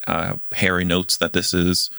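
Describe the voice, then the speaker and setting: Low gravelly man chatting casually. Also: completely flat delivery, bright, forceful tone, no room sound, clean studio sound. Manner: halting, many fillers and restarts. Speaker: podcast co-host. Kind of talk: casual book discussion podcast.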